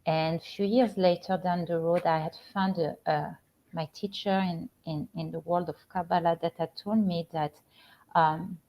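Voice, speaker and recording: A middle-aged woman with a French accent, a spiritual coach hosting a casual live stream from home, talking gently with many halting restarts. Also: lowish voice, fairly even intonation. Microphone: computer or phone camera on a live stream. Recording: slightly dull lo-fi stream audio.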